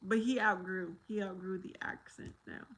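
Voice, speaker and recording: A woman's voice: medium pitch, fairly even intonation, normal speed, fairly bright tone, husky, poor audio. An American woman hosting a casual livestream, rambling and chatty as she talks with viewers and laughs often. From United States.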